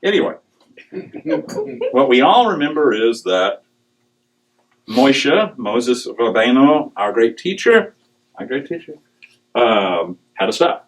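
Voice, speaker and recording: A middle-aged man giving a humorous talk to a live audience, animated and joking, with digressions and acted quotes. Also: medium pitch, slow pace, long pauses, rough recording. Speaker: speaker on dowsing.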